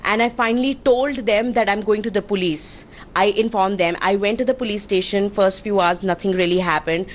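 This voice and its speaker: A woman's voice: medium pitch, brisk, few pauses, slight background noise. A woman from India with an Indian accent, earnestly and indignantly recounting an incident as an interviewee, politely using honorifics.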